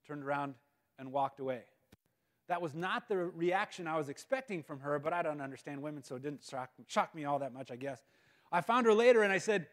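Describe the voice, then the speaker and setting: A man in his thirties speaks as a guest at a school, telling a personal story. His voice sits a little high for a man. He acts out the quoted lines and drops to near-mutters for his asides. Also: brisk, fairly bright tone. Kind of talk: storytelling speech. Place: school event space.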